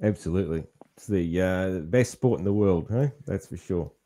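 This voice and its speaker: A man's voice: low-pitched, moderate pace, dark tone. Laid-back man, broad Australian accent. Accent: broad country Australian. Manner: laid-back, chuckles often. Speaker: podcast host. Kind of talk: casual interview.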